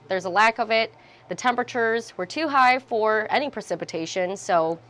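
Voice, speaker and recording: A woman, a local TV news anchor bantering on air in the studio, playfully glum and conversational. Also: medium pitch.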